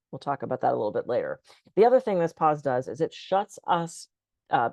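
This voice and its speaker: A woman speaker on a video call, calmly and conversationally guiding listeners through breathing techniques for stress. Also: deep voice, dry recording. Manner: calm, conversational, gently instructive. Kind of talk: guided breathing talk.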